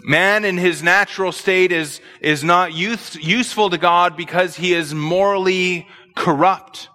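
A man's voice: high voice, steady tone, unhurried, pushed and bright, big-room sound. A man preaching an expository sermon, earnestly explaining scripture verse by verse.

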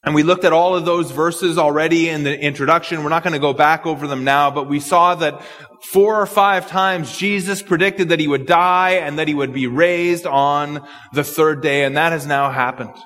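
A man's voice: fairly high pitch, moderate pace, a bit bright, in a large hall, soft background music. A man preaching an expository sermon, earnest and thinking aloud, repeating words as he works through a passage. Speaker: pastor.

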